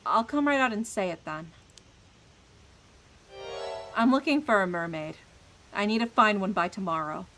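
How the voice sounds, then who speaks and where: A woman's voice: mid-range voice, lively intonation, normal speed, long pauses, fairly bright tone, faint music behind, lightly acted, poor audio. A woman voicing an earnest, troubled young man in a game, speaking seriously.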